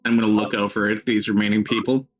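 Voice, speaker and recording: A man's voice: lowish voice, little pitch movement, quick pace. A man playing a tabletop game, chatting casually and asking the game master questions. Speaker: player.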